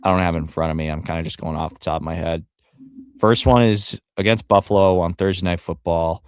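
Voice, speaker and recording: A man's voice: sits low, steady tone, fairly quick, clear, resonant tone, no echo, clean studio sound. A man co-hosting a sports podcast, rambling casually with frequent fillers and the odd curse. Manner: rambling, profane, trails off with fillers. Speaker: podcast co-host.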